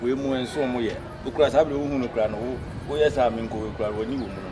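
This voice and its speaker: A man doing a loud, bantering street comedy skit outdoors. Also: mid-range voice, very fast, over music. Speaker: comedy sketch performer. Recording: noisy outdoor street recording.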